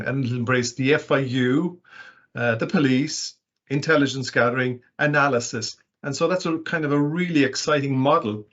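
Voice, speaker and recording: A man talks as a guest expert on a webcast, winding through his points with frequent fillers and restarts. His voice sits in a middle pitch. The sound is dull and muffled. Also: fairly bright tone. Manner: discursive, with many fillers and restarts. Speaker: guest speaker, financial crime publisher.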